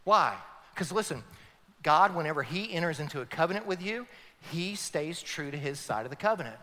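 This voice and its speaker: Man preaching with a bright, forceful voice. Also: on the high side, animated, a little fast, long reverb tail. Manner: emphatic, swinging between loud climaxes and hushed passages. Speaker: pastor. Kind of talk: preaching a sermon.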